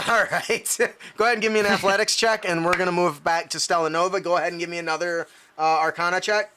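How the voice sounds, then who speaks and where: A man's voice: high voice, steady tone, fairly quick, sharp tone, slight background noise. A man narrating a tabletop game as game master, loose and laughing, with plenty of fillers.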